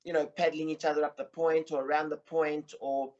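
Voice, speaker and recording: Man, middle-aged, slightly high voice, rambling with fillers, muffled recording. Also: flat delivery, fairly quick, a little mellow. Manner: rambling with many fillers and restarts. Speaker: interview guest, surf head coach. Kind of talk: casual interview talk.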